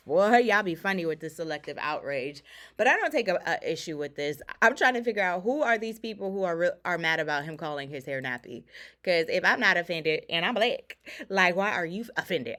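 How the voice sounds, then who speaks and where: A woman hosting a casual talk radio show, animated and sassy, laughing often as she chats with listeners. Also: lowish voice, a little fast. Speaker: radio and stream host.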